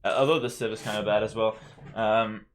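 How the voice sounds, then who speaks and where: A young man from South Carolina streaming a game, talking casually with viewers in a relaxed, rambling way and often repeating words. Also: on the low side, brisk, slight background noise. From South Carolina, USA. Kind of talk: casual live-stream chat.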